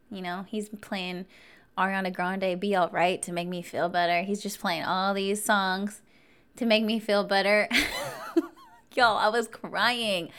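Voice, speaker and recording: A woman in her twenties telling a story in a casual vlog, animated and chatty, full of fillers. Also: medium pitch, a little hiss or hum. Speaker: vlogger.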